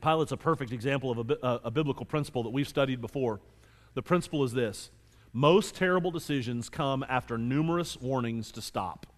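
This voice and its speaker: A male pastor preaching a sermon with animated delivery, moving between loud emphasis and quiet scripture reading. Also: mid-range voice, a little fast, in a large hall.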